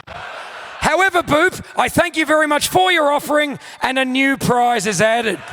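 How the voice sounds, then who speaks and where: Bantering with the audience at a live comedy show he's hosting, an Australian man sounds loud, sweary and fed up. His voice is very high-pitched, and he takes his time.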